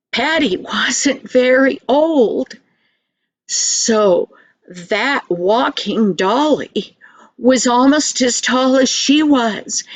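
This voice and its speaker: An older woman telling a children's story in a gentle, sing-song manner, speaking to the listener directly. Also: a little high, no room sound.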